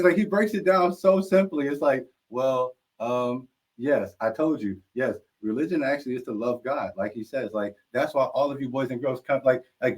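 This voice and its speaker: A man, a podcast guest, telling animated, profane jokes and stories and laughing as he talks. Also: on the high side, breathy edge. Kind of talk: casual storytelling with jokes.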